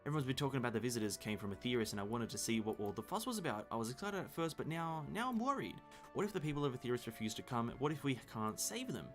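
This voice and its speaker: A man reading game dialogue aloud while voicing an excitable, fussy little rabbit-like moon creature. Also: medium pitch, very fast, few pauses, soft background music. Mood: fretful. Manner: eager, fussy chatter.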